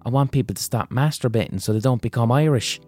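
A man's voice: medium pitch, fast, a little mellow, faint music behind, natural voice. A man voicing a zealous, puritanical male cereal maker who speaks indignantly and preaches.

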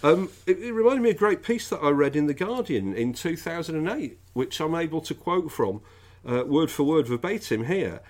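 A man's voice: a little high, big pitch swings, moderate pace, a little mellow. A man hosting a podcast, chatting casually about politics in a jokey, rambling way. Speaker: podcast host.

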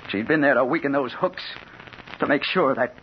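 An actor playing a hard-boiled crime reporter in a 1940s radio drama, narrating in a terse, urgent first-person voice. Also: male voice, medium pitch, moderate pace, lightly acted. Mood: brooding. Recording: old radio broadcast, dull with faint hiss.

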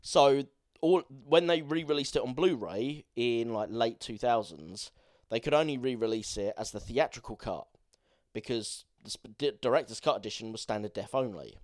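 A man's voice: medium pitch, normal speed. A man co-hosting a podcast, reviewing a film in casual, rambling chat and swearing now and then. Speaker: podcast co-host.

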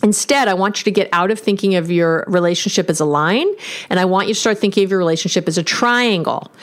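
A woman's voice: fairly low pitch, fast talker. A woman giving relationship advice on a podcast, talking emphatically and acting out sample phrases. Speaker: relationship coach. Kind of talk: solo podcast advice talk.

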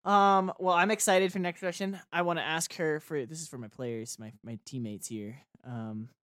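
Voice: mid-range voice, fairly even intonation, normal speed, a bit bright, clean tone, no room sound, clean studio sound. Chatty tabletop podcast co-host. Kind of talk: casual chat.

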